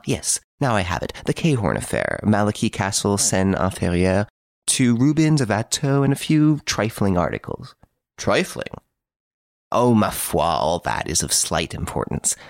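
This is a suave gentleman thief, relaxed in his cell and amused by everyone around him, as a man puts him on. He teases and brags in a voice that leaps up and down, with some gravel under it. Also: fairly low pitch, no echo, studio quality, pitched above the performer's own voice. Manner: playful, teasing, boastful. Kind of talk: audiobook character reading.

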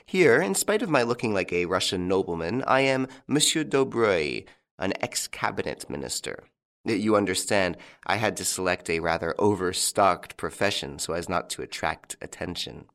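A man reading the part of a suave, mocking young gentleman thief in an audiobook, with a playful, teasing manner. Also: low voice, very animated, normal speed, creaky, full character voice.

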